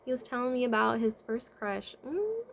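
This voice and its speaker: A woman's voice: fairly high pitch, big pitch swings, normal speed, gravelly, a bit bright, slight background noise. A woman vlogger talking casually to camera and giving life advice. She asks rhetorical questions, checks in with "right?", and hums "mm-hmm" as she thinks. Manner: hums "mm-hmm" often while thinking aloud. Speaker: vlogger and spiritual consultant.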